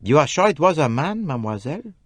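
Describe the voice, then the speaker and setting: Poirot, a man doing a measured detective. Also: a little high, big pitch swings, dry recording, pitched above the performer's own voice. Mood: probing. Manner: measured, earnest, formal. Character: fastidious older male detective, calm and probing. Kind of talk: audiobook character voice.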